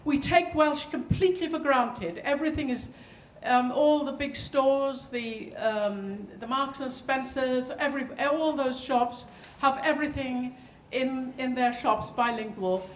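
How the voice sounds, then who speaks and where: A high-pitched woman speaks to an audience in a loose, halting way, often restarting her sentences. Her voice carries the roomy echo of a hall, with faint noise under it. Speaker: panel speaker. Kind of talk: live talk to an audience. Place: event hall.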